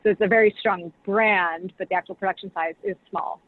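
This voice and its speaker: A woman's voice: mid-range voice, steady tone, a little fast, no echo. A woman, a champagne brand director, talking casually over a video call and explaining tasting, with lots of "like" and "you know.". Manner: chatty, full of "like" and "you know". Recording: tinny video call audio with faint hiss.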